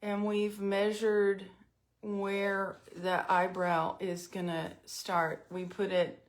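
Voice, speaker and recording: A woman's voice: medium pitch, monotone, slow. A middle-aged woman chatting at home in a casual storytelling vlog while doing her makeup, self-mocking and talkative.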